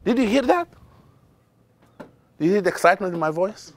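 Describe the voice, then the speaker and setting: A middle-aged imam with a high, brisk voice and lively intonation leads a spirited class on Quran recitation. He quizzes his students and now and then breaks into chanted verses.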